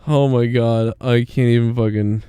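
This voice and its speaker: A man's voice: mid-range voice, fairly even intonation, moderate pace, dark tone, clean tone, no echo. A man hosting a podcast, chatting loosely with lots of swearing and laughing. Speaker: podcast host. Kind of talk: casual podcast banter.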